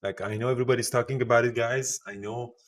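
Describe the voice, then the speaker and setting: A man hosting a live trading show, giving excitable market commentary and thinking aloud. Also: mid-range voice, quick pace.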